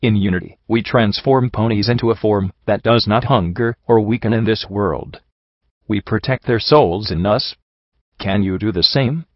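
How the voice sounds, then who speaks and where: A man voicing a calm, measured female alicorn goddess who speaks for a hive mind, in an audiobook reading. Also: on the low side, no echo, natural voice. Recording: dull dry recording.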